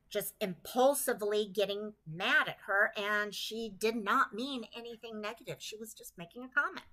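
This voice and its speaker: Bright-voiced woman hosting a livestream. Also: medium pitch. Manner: chatty, breaks off to greet viewers by name. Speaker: livestream host. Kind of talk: casual livestream talk to a support community.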